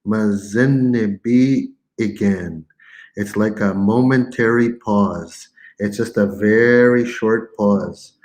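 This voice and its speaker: A man with a lowish voice leads a live-streamed language lesson in an unhurried way. He repeats each word slowly for learners and slips in playful, teasing asides. The room around him sounds echoey. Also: darkish tone. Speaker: language teacher.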